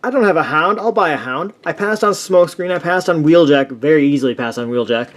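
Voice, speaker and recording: A man's voice: fairly high pitch, lively intonation, a little fast. A man chatting casually through a toy review, enthusiastic and rambling, with many restarts and fillers.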